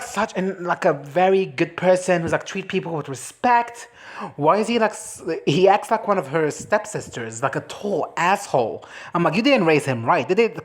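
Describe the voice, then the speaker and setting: A woman chatting casually as a movie reviewer, animated and swearing, breaking into quick impressions of characters. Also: deep voice. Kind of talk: casual reaction chat.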